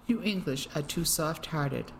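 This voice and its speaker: A woman's voice: sits low, expressive, unhurried, a little hiss or hum, poor audio. Woman voicing a smug, cruel Nazi officer. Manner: mocking, menacing, self-satisfied.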